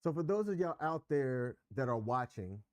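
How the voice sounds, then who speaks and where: A man's voice: mid-range voice, lively intonation, normal speed, dry recording. A man co-hosting a relationship podcast, talking candidly and with emphasis, explaining his views at length. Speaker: podcast co-host. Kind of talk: casual relationship chat.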